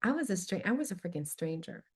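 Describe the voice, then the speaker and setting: A woman guest on a podcast telling a personal anecdote in a lively, candid way, swearing casually and openly admitting when it moves her. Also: lowish voice, fast, slightly rough. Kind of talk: conversational storytelling.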